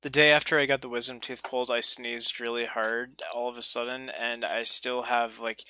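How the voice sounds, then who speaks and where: A man's voice: medium pitch, level tone, moderate pace, bright, forceful tone, a little hiss or hum, rough recording. A man hosting a casual podcast with friends, talking in a joking, playfully grandiose way. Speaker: podcast host.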